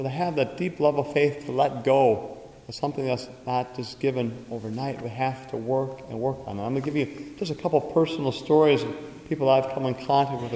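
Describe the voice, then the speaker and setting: A man's voice: mid-range voice, darkish tone, echoey room, long reverb tail, low-quality recording. A male priest giving a homily, telling stories and acting out quotes in a conversational preaching manner. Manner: storytelling with acted-out quotes. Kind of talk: sermon.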